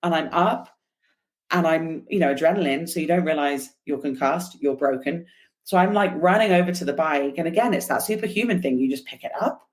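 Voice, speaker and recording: A woman guest on a podcast, telling a personal story in an animated, chatty way with laughs and fillers. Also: deep voice, a little fast. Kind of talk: casual storytelling interview.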